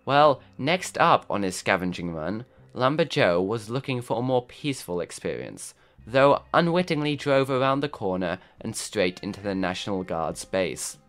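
A man's voice: fairly low pitch, sing-song, moderate pace, few pauses. A man narrating a game video in a wry, scripted, storytelling way.

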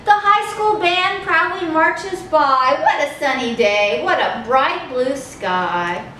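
A woman leading a children's storytime, reading aloud in a slow, sing-song, expressive way. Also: high-pitched, slight background noise. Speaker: children's librarian. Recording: echoey room, mic far off.

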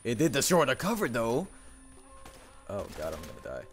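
A man's voice: mid-range voice, wildly swooping pitch, moderate pace. A young man commenting casually on a game he is playing, swearing, joking and talking to himself. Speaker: gameplay commentator. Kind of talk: let's play commentary. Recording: game music behind the voice. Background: game music.

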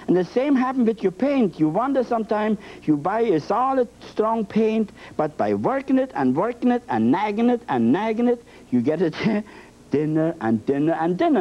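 Enthusiastic man teaching painting, high voice. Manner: emphatic, rhythmic repetition, playful. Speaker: painting instructor. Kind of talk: televised painting lesson. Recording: dull lo-fi broadcast sound.

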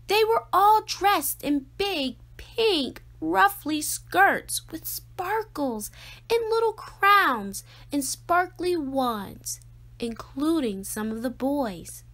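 A woman reading a children's picture book aloud in a slow, expressive, sing-song way. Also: high-pitched. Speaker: storyteller.

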